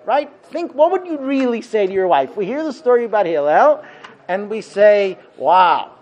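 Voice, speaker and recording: Rabbi giving a lecture, man with a high voice, lively, acts out the dialogue. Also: normal speed, low-quality recording. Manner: animated, acts out quoted dialogue, rhetorical questions. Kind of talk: Torah lecture.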